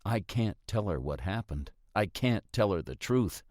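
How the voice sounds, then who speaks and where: Low-voiced man reading tense suspense. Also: big pitch swings, a little slow, darkish tone, no room sound, clean studio sound. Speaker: audiobook narrator. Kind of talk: first-person scripted narration.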